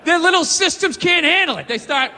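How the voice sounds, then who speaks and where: A man's voice: very high voice, expressive, fairly quick, a crowd in the background. Profane ranting comic in his forties. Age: 40s. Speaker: stand-up comedian. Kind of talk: stand-up comedy rant. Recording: live hall reverb, faint noise.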